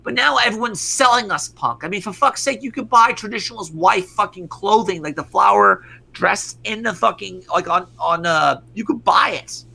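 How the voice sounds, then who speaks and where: A man with a fairly high, gravelly voice and a bright, edgy tone, ranting in profane casual commentary. He stumbles and restarts as he talks, sounding like a stream co-host riled up over the news. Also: expressive, moderate pace.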